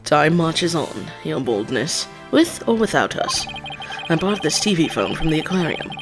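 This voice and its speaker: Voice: medium pitch, big pitch swings, normal speed. A streamer voicing a haughty male prosecutor in a fake British accent while reading game dialogue aloud, with game music behind. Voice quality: pompous, formal.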